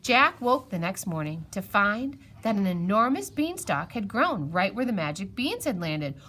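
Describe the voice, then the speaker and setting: A woman's voice: mid-range voice, big pitch swings, moderate pace, pushed and bright, slight background noise. A woman narrating a comic fairy tale, playful and growing exasperated with her characters. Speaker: storyteller. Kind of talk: comic storytelling.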